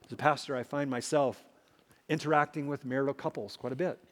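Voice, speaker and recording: A man preaching a sermon as a pastor, emphatic, swinging between loud and hushed. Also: mid-range voice, steady tone, brisk. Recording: long hall reverb.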